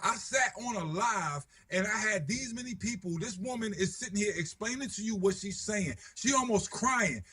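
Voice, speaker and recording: A man's voice: sits high, lively intonation, normal speed, hardly any pauses, bright, forceful tone, slightly rough. A man making his case insistently in a heated discussion, often repeating himself. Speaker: panelist in a debate.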